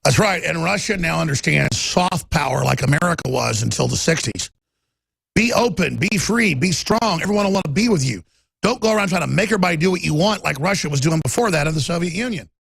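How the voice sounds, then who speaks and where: A man hosting a talk show, delivering a heated, emphatic political monologue and shouting at times. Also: fairly high pitch, lively intonation, fast, gravelly, husky, dry recording.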